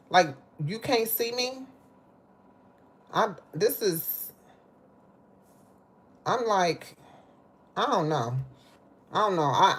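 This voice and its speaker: Cooking in her home kitchen, a livestream host with a low voice chats casually to her viewers, calling them "baby" and "y'all." Her talk is loose and personal as she moves about, and a faint hiss sits under the recording.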